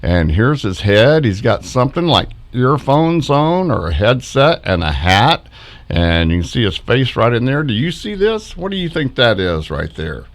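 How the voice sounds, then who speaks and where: A man's voice: mid-range voice, very animated, moderate pace. A middle-aged man casually narrating his backyard footage as a ufology vlogger, chuckling often as he points out faces in orbs.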